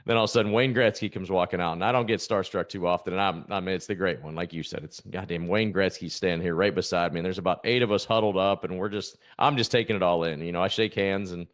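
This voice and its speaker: A man's voice: deep voice, fast, few pauses. A man in his forties hosting a podcast, chatting casually and joking with a guest, laughing easily. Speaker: podcast host, former pro golfer. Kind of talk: casual chat.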